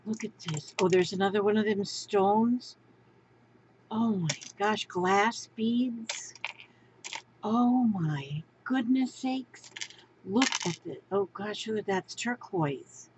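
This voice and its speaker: A woman's voice: on the low side, muffled recording, noisy background. A woman crafting vlogger doing an unboxing show-and-tell, gushing and exclaiming, often repeating her words.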